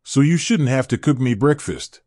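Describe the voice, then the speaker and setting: An easygoing young demon king talks in a soft, teasing way, a touch higher than plain speech, as a male narrator reads him. The voice sits in a middle range and sounds dry and close, with no room around it. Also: lively intonation, moderate pace, no room sound, close to an everyday voice.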